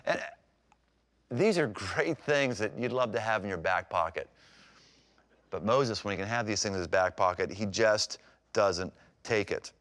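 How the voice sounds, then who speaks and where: A man's voice: lowish voice, a little slow, long pauses. A man preaching a sermon as pastor, conversational and emphatic, acting out scripture scenes. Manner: animated, acts out scripture scenes with voices.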